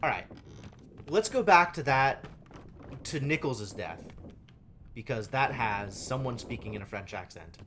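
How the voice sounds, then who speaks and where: A man's voice: medium pitch, lively intonation, unhurried, long pauses, a bit bright, slight background noise. A man streaming a game live, thinking aloud and muttering counts to himself as he works through a puzzle. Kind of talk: live gameplay commentary.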